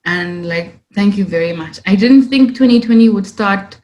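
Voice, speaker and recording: A young woman, hosting a podcast in casual, animated chat. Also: medium pitch, moderate pace, low-quality recording. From South Africa. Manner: animated, exclamatory, laughs often. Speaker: podcast host.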